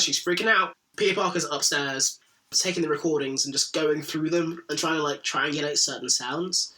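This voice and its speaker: At normal speed and with a slightly high voice, a male podcast co-host casually recaps a cartoon episode. He's animated, acting out characters' lines and swearing freely.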